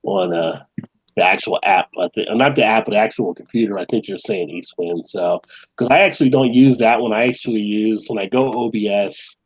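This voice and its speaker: A man's voice: lowish voice, fairly quick, breathy edge, rough recording. A man hosting a casual beer live stream, chatting loosely, reading viewer comments aloud and laughing often. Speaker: beer channel host.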